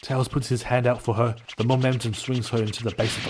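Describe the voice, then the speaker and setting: A man reading a fan story aloud as narrator in a plain, steady way. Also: on the low side, a little fast, hardly any pauses, a little hiss or hum.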